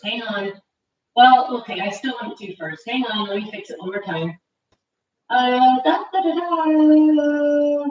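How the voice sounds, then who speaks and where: A woman in her thirties chats through a live craft stream, and she talks loudly because she has no mic. Her voice is high and bright. She is picked up from across an indoor studio. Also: dull audio. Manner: chatty, self-deprecating, talks loudly to reach distant cameras. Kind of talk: casual live-stream chat. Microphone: no mic, cameras far away. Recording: distant, unmiked room sound.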